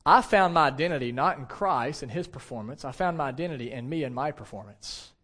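A man's voice: medium pitch, fairly quick. A pastor in his thirties preaching a sermon, speaking directly and conversationally to his congregation. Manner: animated storytelling, shouts when acting out anecdotes.

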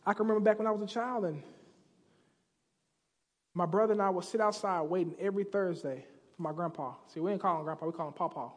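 A man's voice: high-pitched, quick pace, in a large hall. A man preaching a sermon, telling stories and acting out characters in a casual, slangy way. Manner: acts out characters with slang voices. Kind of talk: sermon storytelling. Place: church sanctuary.

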